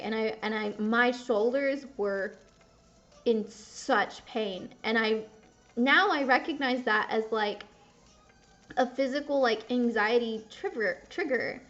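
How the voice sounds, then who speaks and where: A woman's voice: on the high side, takes it slowly, fairly bright tone, faint music behind. A young woman chatting casually and candidly while playing a game, rambling and swearing at the game now and then. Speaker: gaming video creator. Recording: dull lo-fi sound.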